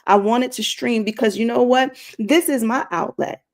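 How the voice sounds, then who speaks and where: A woman streams a faith-based talk, speaking straight to her viewers in an earnest, preachy way. Her voice is a little high and her speed normal, and she repeats herself for emphasis.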